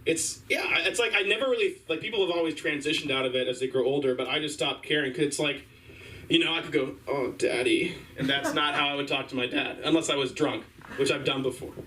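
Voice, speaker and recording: A young man rambles through an open-mic stand-up set, stopping and restarting around his fillers. His voice is fairly high and bright, picked up by a distant mic. Faint room noise sits underneath. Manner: rambling, halting, filler-heavy. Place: small comedy stage.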